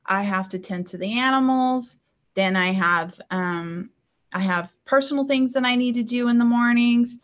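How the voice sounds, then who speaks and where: A woman's voice: fairly high pitch, moderate pace. Chatty woman coaching her viewers. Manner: chatty, anecdotal, checks in with listeners. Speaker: life coach. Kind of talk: casual advice talk on a live stream.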